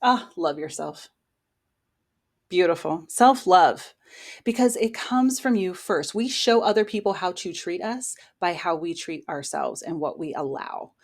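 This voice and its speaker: A woman's voice: fairly low pitch, animated, unhurried. A woman giving a casual weekly tarot reading into her own microphone, talking in an encouraging, motivational way. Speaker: tarot reader and spiritual coach.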